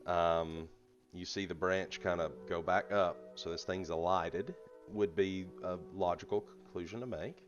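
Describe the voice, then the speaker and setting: A man's voice: low voice, steady tone, measured pace, highs cut off, music in the background. A man narrating as game master of a tabletop game, laid-back, with fillers and laughs.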